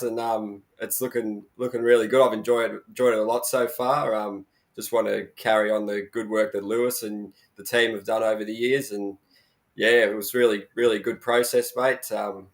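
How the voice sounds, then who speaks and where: Flat-voiced Australian man. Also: mid-range voice. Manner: friendly, says "mate" often. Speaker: co-host. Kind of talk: casual chat.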